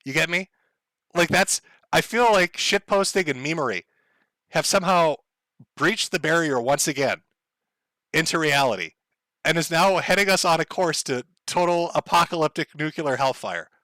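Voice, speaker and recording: Brief: male livestream host, sarcastic rambling rant, bright and forceful, dry close sound. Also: on the high side, normal speed, no room sound. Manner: rambling, profane, sarcastic, laughs often. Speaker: streamer.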